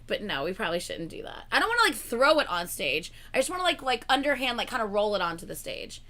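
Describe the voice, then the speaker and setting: Woman reacting on stream, high pitched, loud and excitable, swears a lot. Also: quick pace. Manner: excitable, loud exclamations and cursing. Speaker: livestream co-host. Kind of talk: casual reaction chat.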